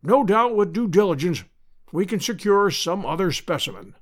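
A man voicing a booming, pedantic older male professor who lectures in a pompous way. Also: big pitch swings, moderate pace. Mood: lecturing.

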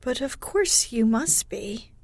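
A woman's voice: on the high side, lively intonation, slow pace, no room sound, full character voice. A woman reading a storybook aloud and voicing a gracious, amused giantess in a raised, lilting voice that often falls to a whisper.

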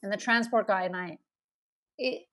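A woman's voice: medium pitch, moderate pace. A woman in her thirties chatting casually, rambling through stories with lots of fillers. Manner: rambling, animated storytelling with many fillers. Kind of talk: casual chat.

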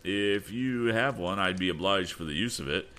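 A man voicing a proud, puzzled middle-aged banker who speaks formally and haltingly. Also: sits low, pushed and bright. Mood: stiff.

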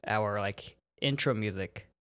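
Very low-voiced, giggly woman cohost. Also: a little slow, a bit bright. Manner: giggly, playful, self-teasing. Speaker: podcast co-host. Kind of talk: casual chat.

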